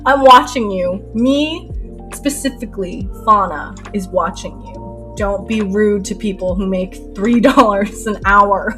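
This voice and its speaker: A woman's voice: mid-range voice, measured pace. A young adult woman streaming while she paints, chatting casually, laughing often and telling stories animatedly. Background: soft lo-fi music.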